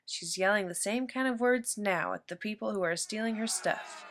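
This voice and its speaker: A woman reading a children's picture book aloud in steady, even narration. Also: medium pitch, normal speed, a little hiss or hum. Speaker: storyteller.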